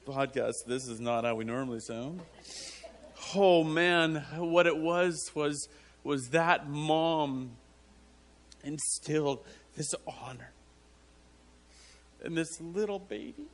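A man preaching a sermon to his church, halting and repeating words as he tells a story, often breaking into laughter. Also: fairly high pitch, slight background noise. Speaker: pastor.

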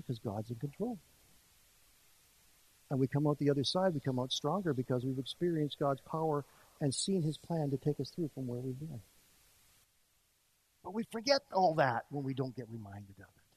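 A man preaching an earnest sermon, swinging between quiet, intimate passages and louder emphasis. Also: mid-range voice, breathy edge, poor audio. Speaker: pastor.

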